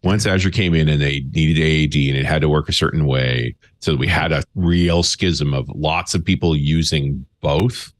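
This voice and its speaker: A man with an extremely deep voice lays out his points plainly as a podcast co-host. He talks in an unhurried, matter-of-fact way. The sound is dry and close. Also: no room sound. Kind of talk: casual tech podcast chat.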